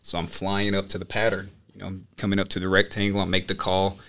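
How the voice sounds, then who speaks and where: A man chatting casually as a podcast guest and student pilot, telling stories in an animated way with lots of "you know" and "like" fillers. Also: low voice, fast talker. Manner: animated storytelling, filler-heavy. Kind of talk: casual chat.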